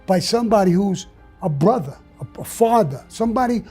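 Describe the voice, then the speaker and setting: A man's voice: high-pitched, lively intonation, brisk, mellow, faint music behind. An older man telling stories as an interview guest, blunt and profane. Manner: blunt, profane, gravelly storytelling. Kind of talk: storytelling in an interview.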